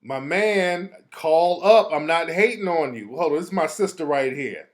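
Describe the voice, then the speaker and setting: This male show host has a fairly high, animated voice at normal speed. During a casual live rant he gets heated and profane, reading text messages aloud.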